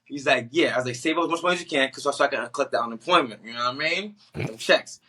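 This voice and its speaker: A young man from the Boston area tells a story as a guest on a podcast. He talks casually and with lots of slang, and he acts out the lines of the people in his story. His voice is bright and forceful. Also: medium pitch, racing, breathy edge.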